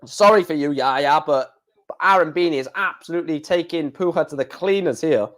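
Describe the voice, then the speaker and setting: A man's voice: a little high, brisk, fairly bright tone. A man hosting a darts live stream, reading out scores in a chatty, exclamatory way with mild swearing.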